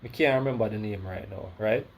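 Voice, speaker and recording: A man's voice: fairly low pitch, brisk, creaky. A Jamaican man with a slight lisp tells a personal story in a casual vlog. He rambles, corrects himself and keeps adding "right?". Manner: rambling, self-correcting, many "right?" tags. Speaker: vlogger.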